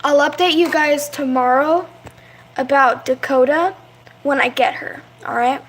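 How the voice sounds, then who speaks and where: A woman's voice: sits high, a little slow, slight background noise. A young woman chatting casually in a vlog, rambling about her pets and stopping to coo at them. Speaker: vlogger.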